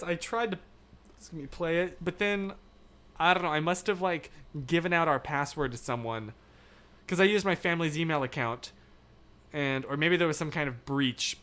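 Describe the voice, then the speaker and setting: A young American man hosts a casual live stream in a rambling, filler-heavy way, laughing often as he answers viewer comments. His voice sits a little high for a man. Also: a bit bright, clear, resonant tone. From United States. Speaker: livestream host.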